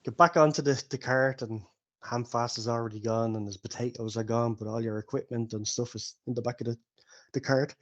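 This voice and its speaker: A man narrates a tabletop role-play as its game master. He tells the story in a loose, rambling way and laughs often. His voice has an ordinary middle pitch. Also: steady tone, brisk, muffled recording, slight background noise.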